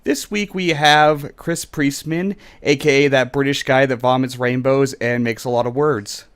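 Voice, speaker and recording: A man's voice: mid-range voice, fairly even intonation, a little slow, a bit bright, smooth. A man hosting a casual podcast, making jokey, rambling introductions of his guests. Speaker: podcast host. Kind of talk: casual chat.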